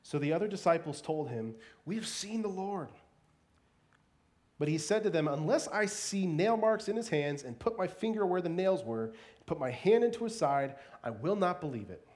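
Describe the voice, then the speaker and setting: A man giving a sermon in a conversational, animated way, with playful asides and frequent repeated words. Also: high-pitched, normal speed. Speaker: pastor.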